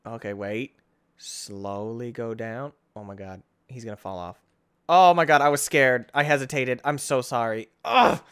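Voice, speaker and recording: A young man giving excitable playthrough commentary, breaking into sudden high yelps and self-mocking groans. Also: measured pace, clean tone. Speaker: gaming channel host.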